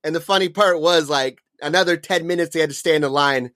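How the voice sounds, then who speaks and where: A man's voice: on the high side, brisk, fairly bright tone. A young man co-hosting a podcast, telling a long profane story in a rambling way full of "like" and "uh.". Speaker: podcast co-host. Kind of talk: casual storytelling chat.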